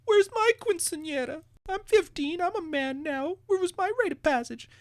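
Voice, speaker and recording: Man doing a high, whining entitled young guy, self-pitying, pitched way up in a mocking podcast bit. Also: animated, normal speed, no room sound. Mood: whiny. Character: whiny entitled young man demanding a party.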